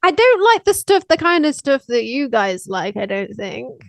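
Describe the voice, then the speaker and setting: A woman co-hosting a podcast, speaking hesitantly and halting over her words in casual chat. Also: sits high, big pitch swings, gravelly, dry recording, clean studio sound. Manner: hesitant, halting when talking about herself. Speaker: podcast co-host.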